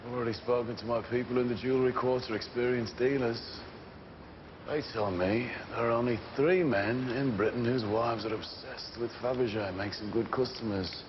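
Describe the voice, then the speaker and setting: An actor playing a controlled gang boss, clipped and measured, explosive when crossed. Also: male voice, mid-range voice, fairly even intonation, background noise, lightly acted. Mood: cold. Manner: measured and clipped, then furious shouting. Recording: muffled series audio with loud ambience.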